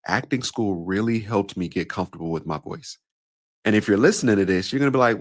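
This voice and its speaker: A very low-voiced man in his thirties hosts his own podcast as a speaking coach. He talks in a relaxed, conversational way and slips playfully into the voices of the people he quotes. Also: quick pace. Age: 30s. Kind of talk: casual solo podcast talk.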